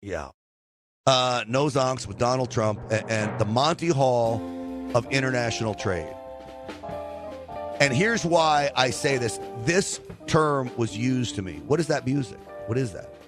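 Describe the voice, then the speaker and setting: A man hosting a call-in talk radio show, joking, bragging and riffing with animated asides into a studio mic. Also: mid-range voice, measured pace, music in the background. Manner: jokey, boastful, animated asides.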